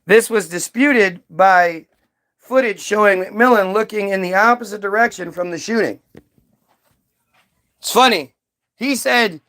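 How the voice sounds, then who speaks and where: Brief: male commentator, high voice, worked-up profane rant with stammered repeats, dry untreated sound. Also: a little slow, pauses often, pushed and bright, dry recording. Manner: ranting, profane, repeats words when worked up. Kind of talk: heated commentary while reading aloud.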